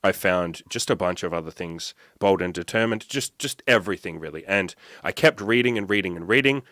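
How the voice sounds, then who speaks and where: A man with a lowish voice speaks as a podcast guest in a casual, storytelling way. He is candid and swears freely, and he slips into acting out what he used to think. The sound is close and dry, with no room around it. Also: fairly quick, fairly bright tone, no room sound. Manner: candid, profane, acts out his own past thoughts.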